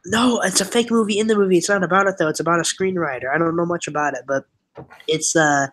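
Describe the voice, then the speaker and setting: A young man streaming, rambling excitedly with lots of fillers in casual chat. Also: sits high, fast talker.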